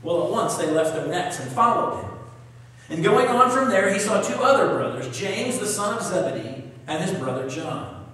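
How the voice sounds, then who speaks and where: A man's voice: sits high, big pitch swings, moderate pace, a bit bright. A man preaching a sermon, reading scripture aloud and asking his congregation questions. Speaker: pastor. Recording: echoey hall, voice from far off.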